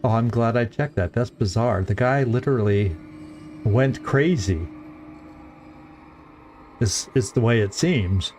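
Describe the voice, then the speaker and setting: A man's voice: medium pitch, animated, a little slow, pauses often, a little mellow, slight background noise. A middle-aged man giving chatty, rambling commentary while playing a game, chuckling often. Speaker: let's play host. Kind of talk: casual gameplay commentary.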